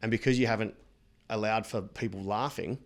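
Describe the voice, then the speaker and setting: A man's voice: on the low side, a little fast. Sweary Australian man telling stories. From Perth, Western Australia. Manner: blunt, sweary, animated storyteller. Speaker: comedian guest. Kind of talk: casual storytelling chat.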